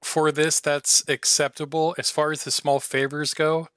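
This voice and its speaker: A man's voice: on the high side, level tone, moderate pace, fairly bright tone, no echo. Hesitant male game master. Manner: hesitant, filler-heavy. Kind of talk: narrating a tabletop game.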